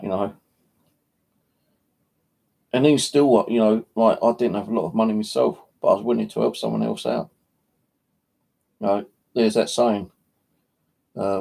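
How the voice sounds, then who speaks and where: A man's voice: on the low side, creaky, dark tone, husky. A man hosting a paranormal channel, chatting casually in a rambling, sweary way with constant filler. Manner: rambling, sweary, heavy "you know" filler. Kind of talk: casual livestream chat.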